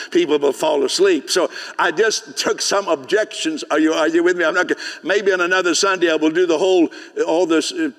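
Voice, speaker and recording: A man's voice: a little high, fairly bright tone, big-room sound. A man preaching a sermon as pastor, speaking conversationally, often asking the congregation questions and laughing. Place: church sanctuary.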